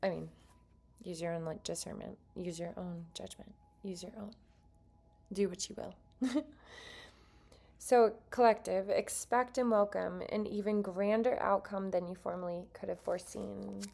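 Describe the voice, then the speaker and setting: Woman doing a tarot reading, kinda gravelly fry in her voice, chatty and earnest, talks to the viewers like friends. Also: medium pitch, steady tone, normal speed, darkish tone. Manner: chatty and earnest, with self-aware asides. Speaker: tarot reader.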